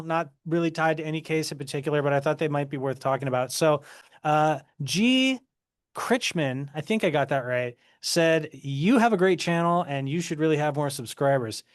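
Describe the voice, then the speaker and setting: A man's voice: fairly high pitch, lively intonation, normal speed. Easygoing man co-hosting a podcast. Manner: easygoing, joking, laughs often. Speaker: podcast co-host. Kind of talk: casual chat reacting to comments.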